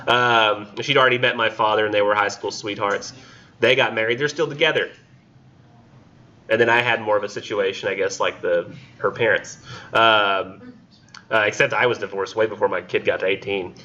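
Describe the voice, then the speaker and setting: A man's voice: on the low side, fairly even intonation, normal speed, pushed and bright, lo-fi sound. A man teaching a class in a casual, rambling way with many fillers. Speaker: instructor.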